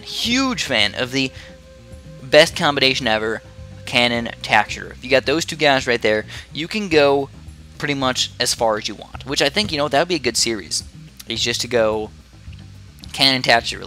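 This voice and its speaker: Bright, chatty young male gamer. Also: mid-range voice, expressive, a little fast, faint music behind. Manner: rambling and chatty, full of fillers and restarts. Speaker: gaming video creator. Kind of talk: casual gameplay commentary.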